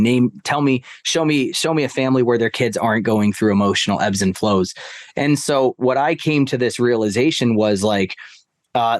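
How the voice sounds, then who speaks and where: A man's voice: mid-range voice, no room sound, studio quality. A man in casual storytelling, a stepfather talking about his family, rambling with many fillers. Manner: rambling, heavy on fillers like "like" and "right?". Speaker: podcast guest.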